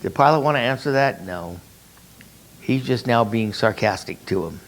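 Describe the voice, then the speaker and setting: A man with a lowish, animated voice guides a conversational Bible study in a church meeting room at normal speed. He leans on rhetorical questions and restates his main points, with slight background noise.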